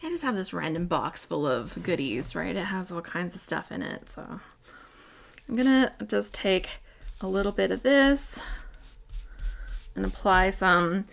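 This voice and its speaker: Chatty woman with a bright, gravelly voice. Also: on the low side, lively intonation, unhurried, long pauses, a little hiss or hum. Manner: chatty, thinks aloud, talks to viewers by name. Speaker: host of a scrapbooking livestream. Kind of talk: casual live crafting demonstration. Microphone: desk microphone.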